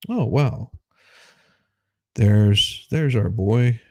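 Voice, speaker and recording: A man's voice: lowish voice, drawn-out words, a little mellow, dry recording, clean studio sound. A man hosting his own show, reading news articles aloud and breaking off into sarcastic, rambling asides and self-deprecating remarks. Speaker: host.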